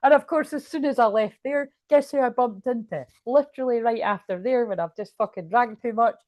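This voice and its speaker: A woman's voice: on the high side, fairly quick, a little mellow, dry recording. A woman giving a casual, chatty tarot reading, swearing freely, laughing and breaking into bits of song. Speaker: tarot reader.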